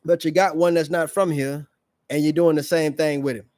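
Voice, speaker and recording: High-voiced blunt man ranting. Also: steady tone, moderate pace, a little mellow, no echo, clean studio sound. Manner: blunt, slangy, preachy, asks the audience questions. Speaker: live reaction streamer. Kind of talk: ranting commentary on a played clip.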